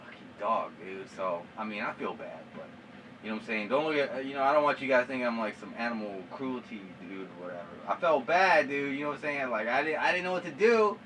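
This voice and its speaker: Quick and animated, this young man's mid-range, slightly bright voice carries a laid-back story for his viewers, full of slang, swearing, and laughter at himself. He's somewhat distant from the mic, with a little background noise, in this vlog.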